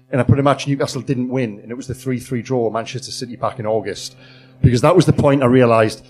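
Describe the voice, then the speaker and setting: A man on a live podcast panel, talking in a relaxed, chatty way and laughing easily. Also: mid-range voice. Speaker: football journalist on a podcast panel. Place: comedy club stage before a live audience.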